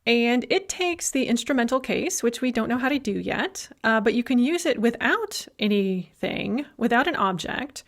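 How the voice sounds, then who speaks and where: A woman lecturing on language grammar in a recorded university lecture, explaining clearly and methodically with the odd filler. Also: on the high side.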